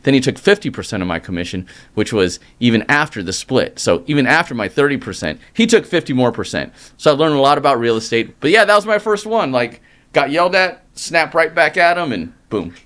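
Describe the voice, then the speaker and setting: Middle-aged man, mortgage guest, lively anecdotal delivery, mid-pitched voice. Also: a little fast. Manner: energetic, animated storytelling with acted quotes. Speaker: mortgage loan originator, guest. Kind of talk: casual storytelling interview.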